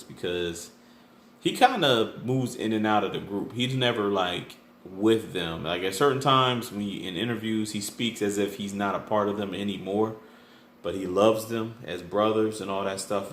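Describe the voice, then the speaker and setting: A man's voice: lowish voice, fairly bright tone. A man hosting his channel, chatting casually through an album track by track, loose and full of fillers and restarts. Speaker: music reviewer, channel host. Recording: echoey room with faint background noise.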